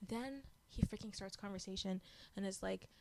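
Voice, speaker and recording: A young adult woman co-hosting a podcast, chatting casually and telling animated stories with frequent laughter. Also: mid-range voice, moderate pace, gravelly, background noise. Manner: animated storytelling, laughing often. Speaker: podcast co-host. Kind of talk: casual chat.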